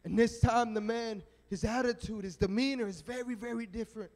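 A male evangelist preaching at a youth rally, telling a story in an animated, dramatic way. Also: extremely high pitch, brisk, slight background noise. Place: church sanctuary. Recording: echoey church sanctuary.

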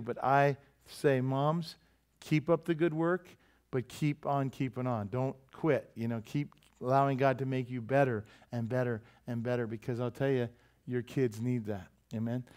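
A man preaching a sermon as pastor, in a lively, joking and emphatic way. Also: mid-range voice.

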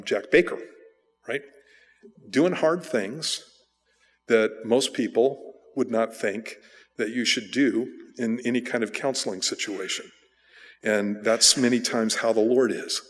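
A male pastor preaching, telling a personal story in a relaxed, conversational way with fillers and restarts. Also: medium pitch, measured pace. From United States. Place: church sanctuary. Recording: church sanctuary reverb.

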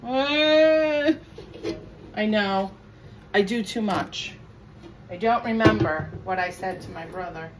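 Woman, unhurried, chatty venting, home kitchen vlog, slight background noise. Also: medium pitch. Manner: chatty, venting pet peeves while cooking. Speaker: cooking vlogger. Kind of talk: casual kitchen vlog chat.

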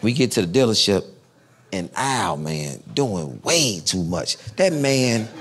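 Animated, profane male stand-up comic. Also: lowish voice, takes it slowly, a little hiss or hum. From Texas. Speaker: comedian. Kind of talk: stand-up storytelling.

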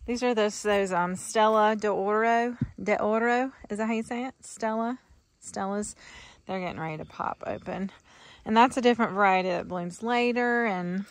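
A middle-aged woman, chatting casually to her viewers in a rambling vlog from outdoors on a farm. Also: mid-range voice. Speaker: farm vlogger. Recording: faint outdoor noise.

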